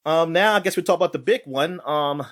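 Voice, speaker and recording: A man co-hosting a gaming podcast, chatting casually, animated and laughing, rambling with restarts. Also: a little high, a little fast. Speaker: podcast co-host. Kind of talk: casual chat.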